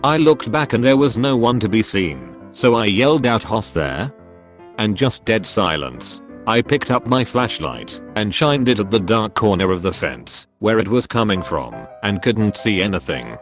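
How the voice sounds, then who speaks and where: A man with a fairly low voice reads online stories aloud in a steady, even narration. Faint music plays softly behind him. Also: moderate pace, hardly any pauses. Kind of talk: scripted narration.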